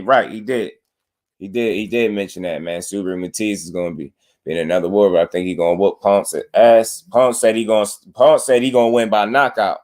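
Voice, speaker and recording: A young man hosting a casual boxing livestream, animated and slangy, talking straight to his chat. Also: fairly low pitch.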